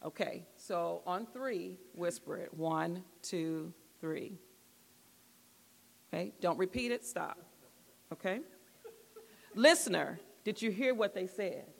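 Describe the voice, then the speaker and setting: A woman's voice: fairly low pitch, slow, creaky, long pauses. A woman leading a church group through an exercise and a devotional talk, patient and repeating her instructions. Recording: long echoey hall reverb.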